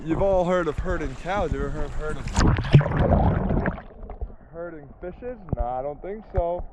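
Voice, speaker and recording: A man's voice: a little high, measured pace. A young man chatting casually to his camera as a vlogger, outdoors at the beach. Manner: laid-back, repeats catchphrases. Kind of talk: casual vlog chat. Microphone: handheld camera. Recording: loud wind and surf noise.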